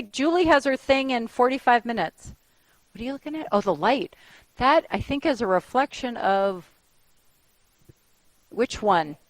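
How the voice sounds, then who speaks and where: A woman in her fifties leading a gentle stretching class, giving breathing cues and chatting with the group between moves, encouraging and quick to laugh. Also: fairly high pitch, no room sound. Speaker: fitness instructor. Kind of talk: gentle exercise class instruction mixed with casual chat. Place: dining room used for a group exercise class. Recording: clear music playing behind.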